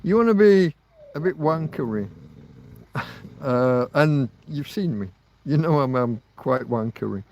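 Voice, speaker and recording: A man's voice: mid-range voice, slow, vocal fry, highs cut off, a little hiss or hum. A man hosting a livestream, thinking aloud in rambling casual chat, often muttering and swearing to himself. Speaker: livestream host.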